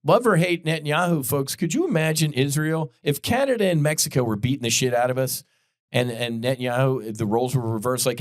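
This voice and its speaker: A man's voice: medium pitch, expressive, brisk, no echo, studio quality. A man hosting a podcast, delivering blunt, heated political commentary full of profanity. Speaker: podcast host.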